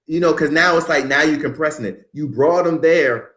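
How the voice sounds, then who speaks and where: A man hosting a show, coaching his guest on how to tell her story, acting out example lines and dropping to a hush for effect. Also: fairly high pitch, moderate pace, hardly any pauses, roomy sound. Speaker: host.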